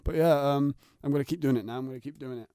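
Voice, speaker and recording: A man hosts his podcast from his bedroom, rambling and joking in a crude, laid-back way. His voice sits at a middle pitch and is recorded close and dry. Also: racing, warm tone, smooth, dry recording. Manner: rambling, jokey, crude, laughs often. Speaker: podcast host. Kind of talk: casual chat. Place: bedroom at home.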